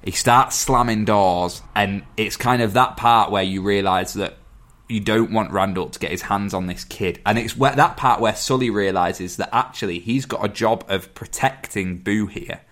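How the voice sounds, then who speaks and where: A man's voice: lowish voice, normal speed, fairly bright tone. A man in casual chat, recapping a film plot at length and stumbling over some words. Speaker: podcast co-host.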